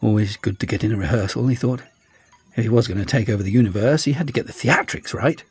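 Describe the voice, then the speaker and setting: A man narrating an audiobook in a lively, expressive way. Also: fairly low pitch, quick pace, slightly rough. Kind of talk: scripted narration.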